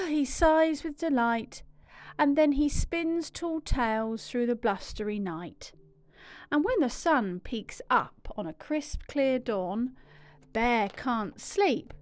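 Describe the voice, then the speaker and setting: Slow high-voiced woman reading a storybook. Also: a little mellow, no echo. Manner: clear, sing-song and rhythmic. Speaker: storybook reader.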